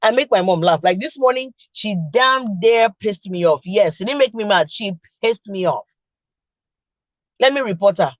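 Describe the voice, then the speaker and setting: A woman's voice: medium pitch, expressive, moderate pace, no echo. A middle-aged woman with a Nigerian accent hosting a casual chat, laughing often and teasing her viewers directly. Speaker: podcast host.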